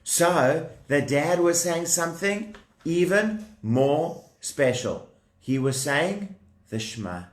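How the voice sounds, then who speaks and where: A man in his thirties telling a puppet story to children at home, animated and asking the kids questions as he goes. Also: on the high side, slow pace, reverberant.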